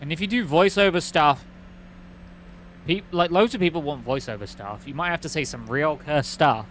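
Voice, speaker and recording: A man's voice: on the high side, normal speed, a bit bright, slight background noise. A man streaming a game, chatting in a rambling, joking, self-mocking way. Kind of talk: casual gameplay commentary.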